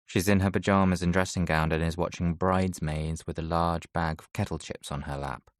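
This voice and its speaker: A young man narrating an audiobook in the first person, soft, subdued and measured. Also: sits low, little pitch movement, no room sound, clean studio sound.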